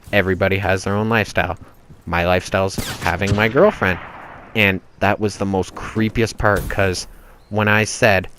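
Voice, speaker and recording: A man's voice: lowish voice, a bit bright, slight background noise. A man narrating his gameplay in a casual, profane, exasperated rant that rambles on.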